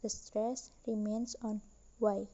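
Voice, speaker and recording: A young woman student slowly reading a class presentation with careful, deliberate delivery. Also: medium pitch, little pitch movement, mellow, lo-fi sound. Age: young adult.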